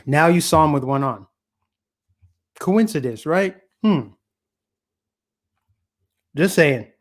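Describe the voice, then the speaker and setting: A man's voice: on the high side, expressive, slow. A man hosting a solo political commentary show, talking casually with a sarcastic tone and lots of rhetorical questions. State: voice getting scratchy.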